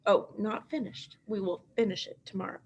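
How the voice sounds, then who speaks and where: A middle-aged woman teaching a remote first grade writing lesson at home, in a sing-song, animated way, stretching out letters and sounds. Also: mid-range voice, fairly quick, slight background noise.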